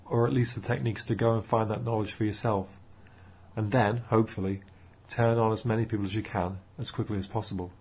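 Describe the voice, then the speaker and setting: A man's voice: on the low side, fairly even intonation, brisk, darkish tone, husky. Man voicing an eager young male group leader. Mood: enthusiastic. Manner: rousing, addressing a room.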